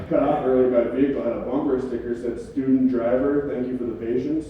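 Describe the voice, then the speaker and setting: A man's voice: medium pitch, fairly even intonation, quick pace, hardly any pauses, muffled recording, a little hiss or hum. A man doing a stand-up comedy set in a club, laid-back and swearing casually, chuckling at his own jokes. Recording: echoey club recorded from far off.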